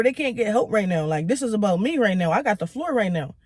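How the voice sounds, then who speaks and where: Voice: mid-range voice, fast talker, no echo. Young vlogger ranting in a dry room. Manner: heated, profane, animated retelling; acts out the quoted lines of others. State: irritated. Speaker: storytime vlogger. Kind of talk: casual storytime rant.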